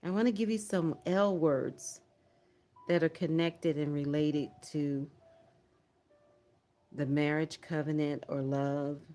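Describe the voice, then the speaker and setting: A woman's voice: sits low, steady tone, takes it slowly, long pauses, dark tone. A woman hosting a livestream prayer watch, chatting casually, laughing often and reading viewer comments aloud.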